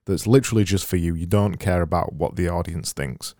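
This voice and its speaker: A man's voice: low voice, fairly quick, mellow, dry recording, clean studio sound. A man hosting a casual interview, enthusiastic and often restarting his phrases as he thinks aloud about design. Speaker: podcast host and designer.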